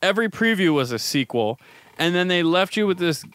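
A man's voice: sits high, expressive, fairly quick, a bit bright, clean tone, no room sound. A man co-hosting a podcast in casual chat, rambling and profane, joking as he goes. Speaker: podcast co-host.

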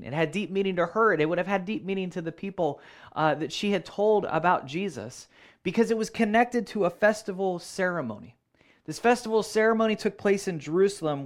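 A man preaching a sermon, earnest, repeating phrases for emphasis and slowing down on key words. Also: high-pitched. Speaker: pastor.

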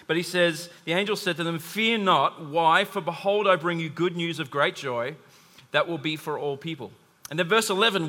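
A man's voice: fairly high pitch, sharp tone. A man preaching a sermon to a congregation, conversational, with asides and humor. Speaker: pastor. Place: church hall. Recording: long hall reverb.

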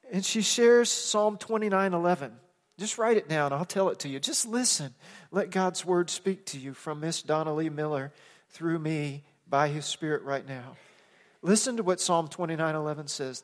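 Pastor preaching in a reverberant sanctuary. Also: male voice, on the high side, moderate pace. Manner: conversational storytelling, rising to impassioned emphasis. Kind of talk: sermon. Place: church sanctuary. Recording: long reverb of a church sanctuary.

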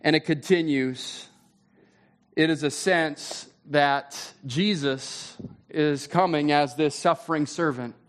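Pastor, male, 30s, fairly high voice, chatty sermon delivery that lifts with excitement. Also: slow. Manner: conversational preaching, rising pitch when excited.

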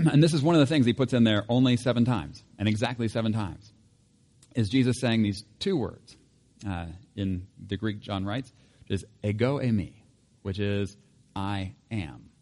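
A man's voice: on the low side, moderate pace, a little mellow. A man preaching a sermon in a conversational way, with light humor and frequent self-corrections. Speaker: pastor.

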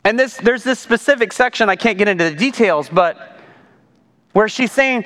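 Speaking at a moderate pace, a man with a high-pitched, expressive, slightly bright voice gives an informal sermon as pastor. He keeps adding asides and rhetorical questions, often saying "right?", and a large hall lends long reverb.

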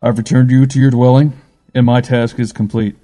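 A cold, impatient spirit guide, as a male narrator puts him on, lecturing loudly with clear disdain. The voice stays mellow and dark beneath its dismissive edge. It belongs to a spoken storybook reading. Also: mid-range voice, little pitch movement, moderate pace, big-room sound, soft background music, lightly acted.

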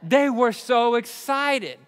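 A young adult man preaching a sermon, excitable and enthusiastic. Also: very high-pitched, slow, clean tone, in a large hall. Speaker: pastor.

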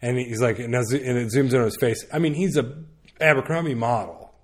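A podcast guest recommends media in a casual chat, rambling briskly with lots of fillers and restarts and laughing now and then. His voice is medium-pitched and slightly rough.

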